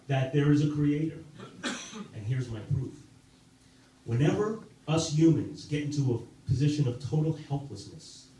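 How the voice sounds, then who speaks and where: Halting man doing stand-up in an echoey basement. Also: a little high, dark tone. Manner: halting, self-deprecating, many fillers and restarts. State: sober, in recovery. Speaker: stand-up comedian. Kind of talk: stand-up comedy set. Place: club basement with live audience. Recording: very echoey room, distant mic, audible noise.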